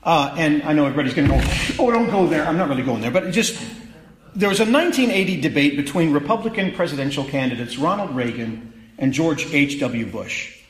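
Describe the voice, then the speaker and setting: A man's voice: fairly high pitch, animated, fast talker, roomy sound, a little hiss or hum, low-quality recording. A man preaching a sermon in a conversational, wry way that builds to emphatic peaks. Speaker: pastor.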